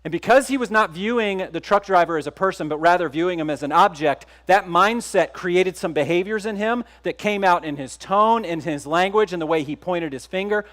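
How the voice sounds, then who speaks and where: A man's voice: high voice, a little fast, few pauses, fairly bright tone. A middle-aged man from Texas giving a conference keynote, telling a story in a conversational way and putting questions to the audience. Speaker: keynote speaker. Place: conference stage.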